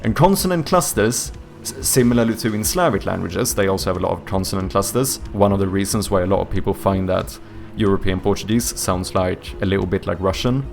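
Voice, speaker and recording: Low gravelly man with a light Swedish accent. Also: brisk, faint music behind. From Sweden. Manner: rambling, searches for words, swears casually. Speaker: streamer and indie game developer. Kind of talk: casual live-stream chat with viewers.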